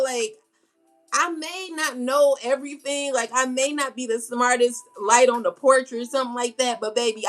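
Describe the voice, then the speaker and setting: High-pitched, blunt, scolding woman. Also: fairly bright tone. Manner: blunt, scolding, repeats herself for emphasis; casual slangy speech with many fillers. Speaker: tarot reader. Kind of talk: unscripted spiritual rant to camera.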